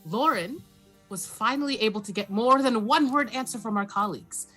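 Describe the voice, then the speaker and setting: A man's voice: high-pitched, fairly quick, pushed and bright, soft background music. A woman voicing a rambling, scholarly father who rambles, corrects himself and apologizes in a recorded magical message. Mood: chatty.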